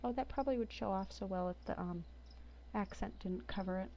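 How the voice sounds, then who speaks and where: A woman casually and amusedly reviews a game collection, reading entries aloud between her own remarks. Her medium-pitched voice has a dark tone and a brisk pace, and the recording is muffled with slight background noise.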